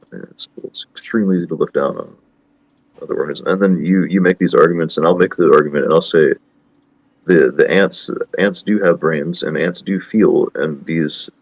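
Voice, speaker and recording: A man's voice: deep voice, slightly rough, dry recording, lo-fi sound. A man in his thirties hosting a casual online chat, thinking aloud in a rambling, thoughtful way. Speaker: host.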